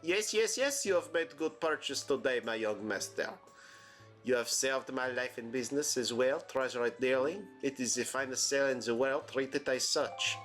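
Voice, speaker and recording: A man's voice: mid-range voice, moderate pace, fairly bright tone, faint music behind, close to an everyday voice. Brief: pompous game merchant, hammy mixed European accent, done by a man. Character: fussy old male merchant with a muddled European accent.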